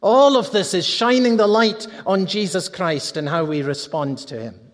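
A man with a notably high voice preaches an earnest sermon, slowing down to repeat key phrases. His words ring out with a long reverb, as in a large church hall. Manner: earnest preaching, rising to fervent appeals, repeating phrases slowly. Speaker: pastor.

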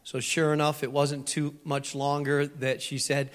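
A man's voice: fairly high pitch, completely flat delivery, measured pace. A middle-aged man preaching a sermon, telling a family story in a direct, earnest way with light humor. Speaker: pastor. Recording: long reverb in a large hall.

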